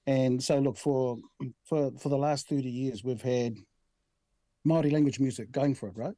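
Mellow New Zealand man in his sixties. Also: medium pitch, normal speed, no room sound. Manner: easygoing storyteller, frequent restarts, says "bro" and "right?". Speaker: head of a national language commission. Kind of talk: relaxed conversational interview.

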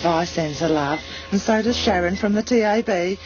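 A woman playing a gentle, patient mum in a radio comedy sketch. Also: medium pitch, moderate pace, natural voice. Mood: soothing. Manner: gentle, soothing. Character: patient long-suffering Kiwi mum, middle-aged. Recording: dull archival radio clip with music.

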